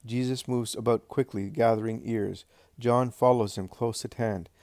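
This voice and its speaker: A man narrating a devotional text in a measured, solemn audiobook reading. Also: mid-range voice, fairly even intonation, darkish tone, dry recording, studio quality.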